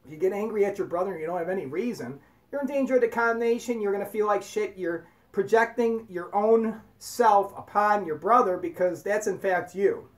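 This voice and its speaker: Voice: medium pitch, a little fast. A host giving casual spoken commentary in a blunt, profane, rambling way. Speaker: video host.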